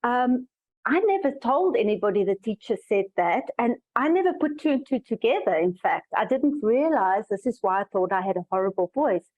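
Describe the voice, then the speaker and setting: A woman with a fairly high voice speaks as a coach on a panel, thoughtful and earnest, often breaking off and restarting her sentences. Her audio comes through a video call and sounds muffled and lo-fi. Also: animated, moderate pace. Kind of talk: answering a panel question.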